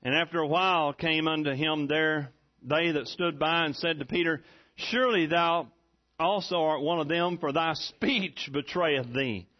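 A middle-aged man delivers a folksy church sermon from the pulpit. His voice sits on the higher side, and he climbs into loud, excited preaching. The recording is dull and lo-fi. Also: unhurried. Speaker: pastor.

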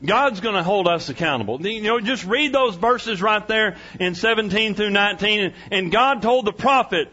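A middle-aged man preaching a sermon, swinging from loud excitement to hushed quiet. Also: high-pitched, moderate pace, few pauses, lo-fi sound. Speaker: pastor.

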